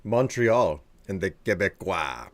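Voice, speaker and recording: A man's voice: deep voice, big pitch swings, takes it slowly, no echo. A man chatting casually with his live-stream viewers, sleepy and rambling as he reads and answers chat.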